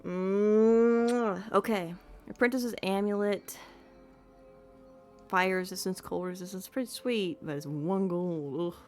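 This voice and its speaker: A woman's voice: mid-range voice, slow, a little mellow, faint music behind. A woman streamer chatting playfully while she plays a game and talks to her cat. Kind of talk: casual gameplay commentary.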